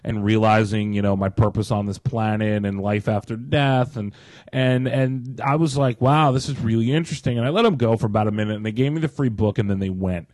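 Male podcast host, animated storyteller who laughs a lot, dry studio sound. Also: fairly low pitch, fairly quick, dry recording. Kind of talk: casual chat.

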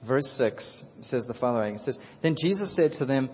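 In a church sanctuary full of congregants, a male pastor gives an expressive, conversational sermon at normal speed with hardly any pauses, repeating phrases, chuckling, and speaking directly to listeners. His voice sits in the mid range; the audio is dull, with long hall reverb and a little hiss or hum.

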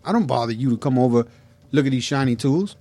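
A man's voice: mid-range voice, expressive, quick pace, dark tone, no room sound. A man co-hosting a podcast, talking bluntly and profanely, griping. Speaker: podcast co-host. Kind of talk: crude casual banter.

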